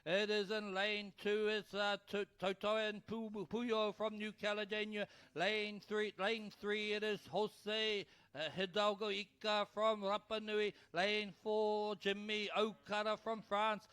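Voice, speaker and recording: A man calling a canoe race live as announcer, excitable and urging the crowd to cheer. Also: sits high, measured pace, hardly any pauses, clear, resonant tone. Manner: excitable, urges the crowd, tongue-tied at times. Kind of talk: live sports commentary. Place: outdoor regatta venue.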